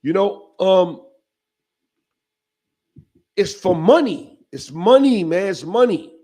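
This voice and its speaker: A man with a notably high voice tells a story in a relaxed podcast conversation. He is animated and streetwise, with salty language. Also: slow. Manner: animated, profane, streetwise, acts out quotes. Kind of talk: casual storytelling chat.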